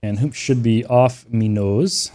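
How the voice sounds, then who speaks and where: A man's voice: mid-range voice, slow pace, mellow, a little hiss or hum. A man streaming a flight simulator, trading loose, profane banter with his chat and making short radio calls to teammates.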